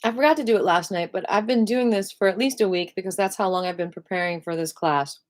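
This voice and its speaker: A woman teaching a live-streamed qigong class, upbeat and playful, who slows into soft guided cues for breathing. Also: mid-range voice. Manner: upbeat and playful, breaks into squeals of excitement.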